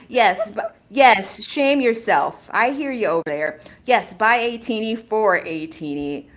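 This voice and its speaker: Woman host, casual chat, animated and laughing, voice swings widely in pitch. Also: measured pace, hardly any pauses, slight background noise. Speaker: podcast host reading fan fiction.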